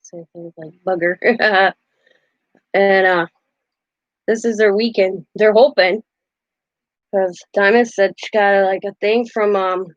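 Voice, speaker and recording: A woman's voice: mid-range voice, fairly even intonation, takes it slowly, pauses often, dry recording. Older lady chatting away on her craft livestream, laughs a lot, kinda muffled dry mic. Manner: chatty, laughs often, acts out quotes. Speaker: craft channel host. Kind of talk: casual live-stream chat.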